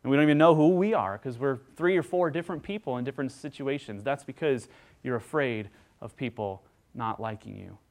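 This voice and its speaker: A man preaching a sermon as pastor, earnest and dynamic, moving between emphatic lines and hushed ones. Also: mid-range voice, brisk.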